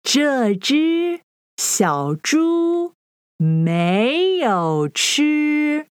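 Slow, sing-song woman teaching children. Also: high voice, very animated, dry recording, clean studio sound. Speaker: language teacher. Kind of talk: children's language lesson.

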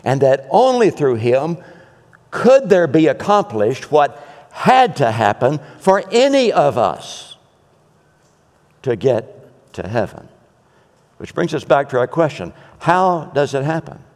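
A man preaching slowly and deliberately, leaning on repeated words and long pauses. His voice swings up and down, pitched a little high for a man. It rings with the long reverb of a big hall. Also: big pitch swings, a little mellow. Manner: emphatic, dramatic repetition and pauses. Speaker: pastor. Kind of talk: sermon.

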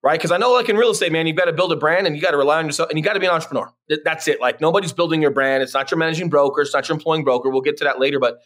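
A man's voice: fairly high pitch, racing, hardly any pauses, fairly bright tone. A middle-aged man from Colorado, a real estate agent and podcast guest, telling his story in a laid-back way and often saying "man" and "dude". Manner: laid-back, says "man" and "dude" a lot, many fillers. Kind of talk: casual interview storytelling.

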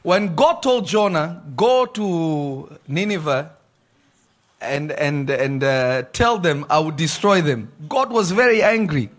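Animated high-voiced preacher man. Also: takes it slowly. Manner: animated, shouting and acting out quotes, laughing. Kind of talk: lively sermon. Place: church.

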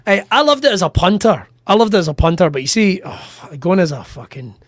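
High-voiced sweary Scottish comedian. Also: male voice, fairly quick, dry recording, studio quality. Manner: sweary, animated storyteller. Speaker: comedian and podcast co-host. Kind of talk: casual podcast chat, anecdotes.

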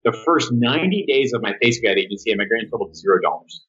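This podcast guest runs a marketing agency and talks about it casually in a mid-range, rapid-fire voice. The recording sounds muffled, and he brings his stories to life by acting out the quotes.

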